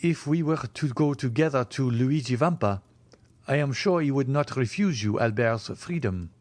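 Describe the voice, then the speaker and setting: A man voicing a cool, commanding aristocratic nobleman in an audiobook reading, speaking in a calm, measured, authoritative way. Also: medium pitch, dry recording, lightly acted. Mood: composed.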